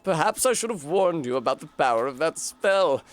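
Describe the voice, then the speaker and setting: A man's voice: fairly high pitch, lively intonation, natural voice. A man voicing an old male snail wizard in a put-on British accent, genteel and theatrical, reading game dialogue aloud. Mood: polite scheming. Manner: genteel, theatrical, drawn-out delivery.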